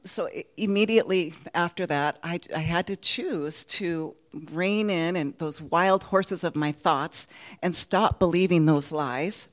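A middle-aged woman giving an earnest, emotional church testimony, laughing softly now and then. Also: lowish voice. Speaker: speaker sharing a testimony.

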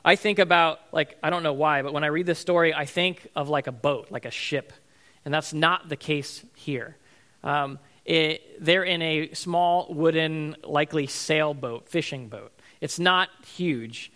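Man, pastor, casual conversational sermon, lots of ums, high voice. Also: bright, forceful tone. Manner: conversational, with many ums and likes, acting out voices.

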